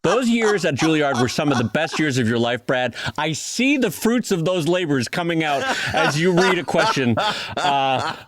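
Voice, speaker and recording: A man's voice: fairly high pitch, lively intonation, moderate pace, a bit bright. A middle-aged man co-hosting a podcast, teasing his partner and then explaining at length in casual banter. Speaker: podcast co-host.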